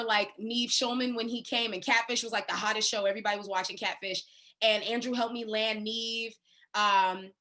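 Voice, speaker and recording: A woman in her thirties telling stories with playful, laughing energy on a video call panel. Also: on the high side. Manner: animated, laughing, playful storytelling. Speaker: panel speaker. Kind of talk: casual online panel talk.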